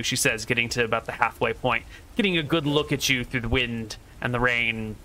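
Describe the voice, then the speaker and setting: A man's voice: mid-range voice, fairly quick, sharp tone. A man narrating a tabletop game as game master, with a dry, teasing manner.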